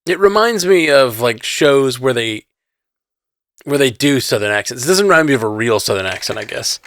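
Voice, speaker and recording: A man's voice: medium pitch, lively intonation, normal speed, a bit bright, slight background noise. A man co-hosting a podcast in casual chat, easygoing, laughing often and trailing off mid-thought. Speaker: podcast co-host.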